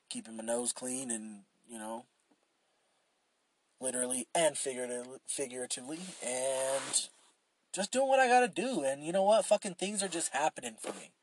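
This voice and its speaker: Recorded with no echo, this young solo podcast host has a somewhat high, a little mellow voice. He rambles and curses freely, constantly using filler words and starting sentences over.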